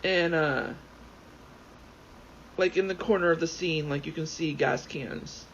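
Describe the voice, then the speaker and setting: A man rambling excitably as he plays a game, swearing freely and often going off on tangents. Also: on the high side, measured pace. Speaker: gaming YouTuber. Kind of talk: casual commentary while playing. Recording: dull lo-fi sound with faint background noise.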